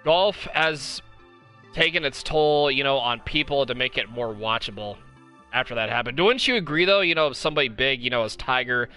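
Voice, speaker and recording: A young man hosts a casual live-stream podcast in a bright, forceful voice. He rambles with enthusiasm, full of fillers and restarts. Faint music plays softly behind him. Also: mid-range voice, expressive, moderate pace. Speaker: podcast host.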